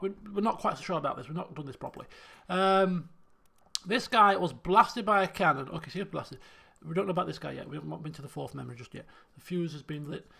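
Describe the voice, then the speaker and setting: High gravelly man thinking aloud. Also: a bit bright. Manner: thinking aloud, muttering to himself. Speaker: game streamer. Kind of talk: let's play commentary.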